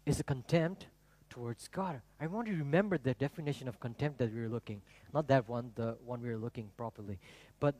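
A man preaching a sermon to his congregation, animated and rhetorical, asking them questions. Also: fairly high pitch, no room sound. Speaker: pastor. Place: church.

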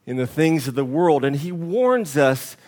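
A male preacher delivers his sermon with a fairly high-pitched voice. He talks frankly, breaks into humorous asides, and tells a story to make his point. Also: lively intonation, unhurried, a little mellow. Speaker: pastor.

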